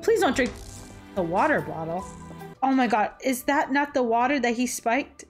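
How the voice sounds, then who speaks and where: A woman reacting to a movie as the host, loudly cheering, cursing and laughing at the screen, with the film soundtrack playing underneath. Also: a little high, expressive, normal speed. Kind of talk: casual movie reaction commentary. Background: movie audio and music.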